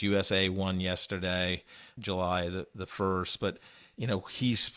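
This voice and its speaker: A man with a low voice talks through a podcast recap in loose, casual chat. He rambles and restarts often, and he fills gaps with "you know". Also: a bit bright. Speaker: podcast co-host.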